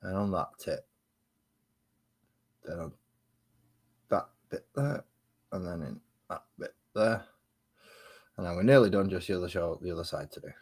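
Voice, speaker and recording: A man's voice: low-pitched, moderate pace, long pauses, a little mellow, slightly rough. A man chats casually on a live stream while painting miniatures, trading sarcastic banter with viewers and muttering to himself as he works.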